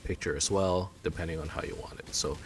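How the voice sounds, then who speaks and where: A man's voice: deep voice, steady tone, a little fast, a little hiss or hum. A man in his thirties from China, chatting casually and telling a rambling story with lots of fillers and restarts. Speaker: let's play gamer. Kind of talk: casual chat.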